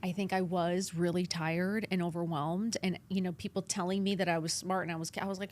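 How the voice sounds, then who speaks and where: A woman in her fifties from New York, with a New York accent, telling her story as a podcast guest, animated and acting out her past lines in quotes. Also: lowish voice, brisk, few pauses. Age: 50s. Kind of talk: candid interview storytelling.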